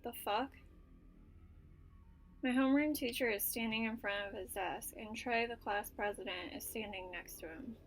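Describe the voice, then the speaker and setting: A woman with a fairly high voice speaks at a moderate pace, with a little hiss or hum audible. As a let's play gamer, she reads a story game's narration aloud and reacts casually, using filler words and swearing.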